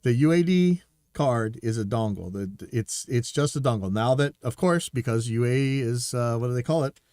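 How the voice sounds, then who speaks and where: A man hosting a podcast reacts to a video in casual live-stream commentary, rambling and opinionated and stumbling over frequent restarts. His middle-pitched, darkish voice has lively intonation at a normal speed. The sound is dry and close, with no room around it.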